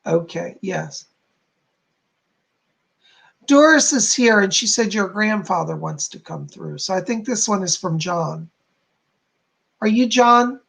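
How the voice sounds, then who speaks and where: A man's voice: high-pitched, expressive, takes it slowly, vocal fry, long pauses, a bit bright, slightly rough. A man hosting a live stream, giving chatty, reassuring psychic readings and addressing viewers by name. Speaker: psychic medium, stream host.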